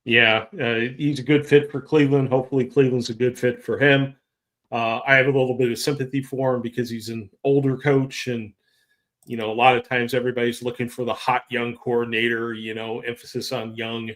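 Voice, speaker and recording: An older man hosts a sports talk show in a relaxed, easygoing way. His voice is middle-pitched and unhurried as he chats and reads listener comments. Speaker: sports podcast host. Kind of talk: casual sports chat.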